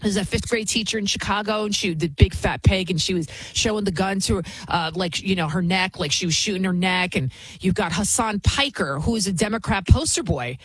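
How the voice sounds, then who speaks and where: A woman's voice: mid-range voice, fairly quick, few pauses, breathy edge, no echo, low-quality recording. A woman hosting a political commentary show, talking in an indignant, scornful way with many restarts. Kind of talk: opinionated commentary monologue.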